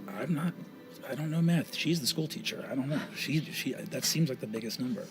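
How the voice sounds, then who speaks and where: A man voicing a gentle father in a tabletop game, rambling in a self-deprecating way. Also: mid-range voice, a little fast, music in the background, natural voice. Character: gentle fumbling father, warm-humored.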